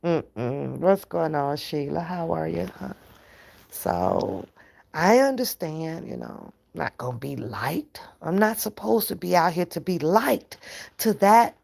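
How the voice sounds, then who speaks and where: Woman running her channel, cussing and ranting to chat, slow drawl with lots of fry. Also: deep voice. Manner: profane, animated, laughs often. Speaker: channel host. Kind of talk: casual livestream rant.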